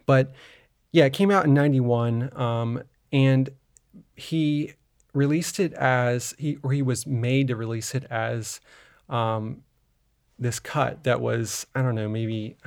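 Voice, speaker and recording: A man's voice: mid-range voice, unhurried, vocal fry, a little mellow. A man co-hosting a film podcast, recapping a movie in a rambling, casual way with lots of fillers and restarts. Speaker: podcast co-host.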